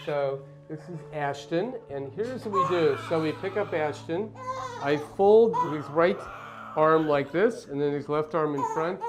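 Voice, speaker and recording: A man pediatrician with a slightly higher voice walks through a technique step by step. He speaks calmly and evenly, like a clinician teaching in his consultation room, with faint music underneath. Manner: calm, measured, gently explanatory. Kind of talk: instructional demonstration.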